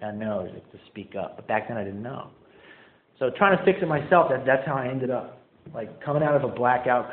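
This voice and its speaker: A man in his twenties telling a personal story casually, candid and rambling, laughing at himself. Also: mid-range voice. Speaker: storyteller recounting addiction. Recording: echoey, phone-like, faint noise.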